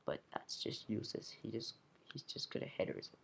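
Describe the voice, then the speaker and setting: A man's voice: on the low side, huge pitch swings, moderate pace, creaky, fairly bright tone, a little hiss or hum. A teenage boy commenting casually on his game, grumbling and swearing, sometimes dropping to a whisper, recorded at home. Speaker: gamer opening card packs.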